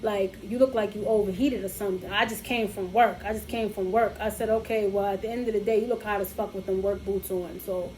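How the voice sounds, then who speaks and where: A woman, co-hosting a podcast, telling a story in casual chat and acting out both sides of it, animated and profane. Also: mid-range voice, fairly quick, hardly any pauses, a little hiss or hum, low-quality recording. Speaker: podcast co-host.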